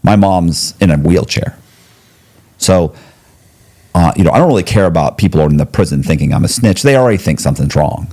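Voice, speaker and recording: A man's voice: deep voice, expressive, a little fast, mellow. A middle-aged man telling a long story as an interview guest, rambling and slangy, with frequent restarts and swearing.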